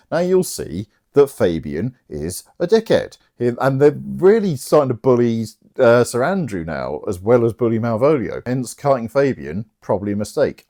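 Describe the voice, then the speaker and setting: A man's voice: medium pitch, a little mellow. A man casually retelling a play's plot in a cheeky, chatty way. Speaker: host.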